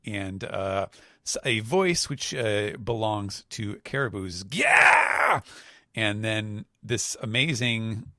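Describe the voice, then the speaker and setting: A man's voice: on the low side, slow, sharp tone, no echo, studio quality. A man co-hosting a podcast, recapping a comic chapter in a rambling, casual way with lots of fillers. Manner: rambling, with many fillers, and laughs at his own jokes. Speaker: podcast co-host.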